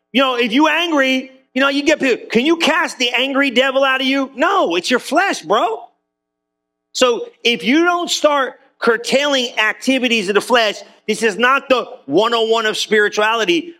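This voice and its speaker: A man's voice: very high voice, pushed and bright. A man preaching a sermon in a church, casual and joking with the congregation. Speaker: pastor.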